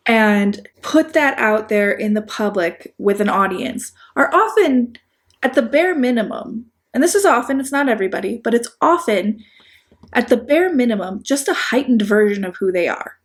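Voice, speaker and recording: A woman with a Chicago accent giving rambling, sarcastic commentary on a video, with frequent restarts and asides. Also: a little high. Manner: sarcastic, rambling, self-deprecating. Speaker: commentary YouTuber. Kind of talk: casual video-essay commentary.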